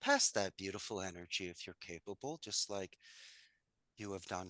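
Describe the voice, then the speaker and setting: A man's voice: deep voice, lively intonation, moderate pace, bright, forceful tone, dry recording. A man talking as an interview guest about running his business and giving motivational advice, with an enthusiastic, coaching manner. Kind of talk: casual interview chat.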